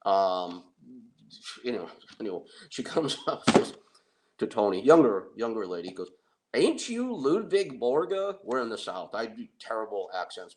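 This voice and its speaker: Middle aged guy telling a story, kinda low voice, lively and laughs at his own stuff. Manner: animated, self-deprecating, laughs often. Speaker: wrestling and MMA manager. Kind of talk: anecdotal storytelling.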